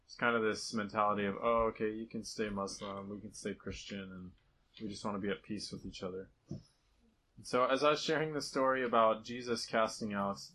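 A man's voice: fairly low pitch, a little fast, a little hiss or hum, poor audio. A man giving a casual slideshow talk to a church group about a mission trip, telling stories with lots of laughter. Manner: storytelling, animated, laughs often.

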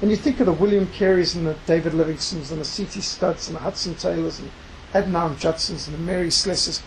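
A preacher and missionary giving a sermon, reading scripture aloud and slowing down to stress key words. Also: medium pitch, a little hiss or hum, low-quality recording. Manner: reads scripture aloud within the talk.

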